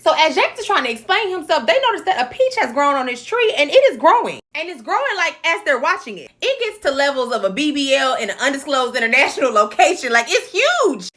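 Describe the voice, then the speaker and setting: A woman tells a movie's story as a comedy recap, sassy and profane, full of slang. Her voice is bright and forceful, and it swings widely in pitch as she talks. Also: sing-song, fast, hardly any pauses. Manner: uses Black American slang.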